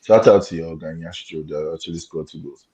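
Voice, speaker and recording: A Nigerian man chats casually with a panel on an online call from home at night, keeping his voice low. His deep, husky voice is warm and a little quick, full of fillers, hesitations and restarts, and the recording sounds muffled.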